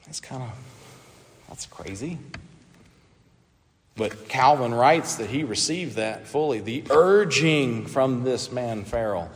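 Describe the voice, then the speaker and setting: A man's voice: mid-range voice, expressive, slow pace, long pauses. Earnest man preaching in a reverberant hall. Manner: earnest preaching with frequent restarts, rising to emphatic peaks. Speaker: pastor. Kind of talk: sermon.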